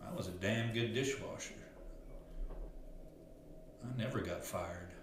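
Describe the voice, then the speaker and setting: Male life coach, lowish voice, earnest and rambling, very echoey room with faint hiss. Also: measured pace. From Arkansas. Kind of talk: casual storytelling monologue.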